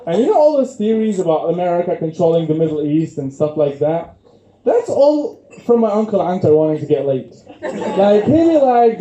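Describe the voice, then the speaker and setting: A man's voice: high voice, big pitch swings, a little fast, mellow, muffled recording. A young man from Syria performing a stand-up comedy set, chatty and loose, with lots of fillers. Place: comedy club stage. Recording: echoey room, poor audio.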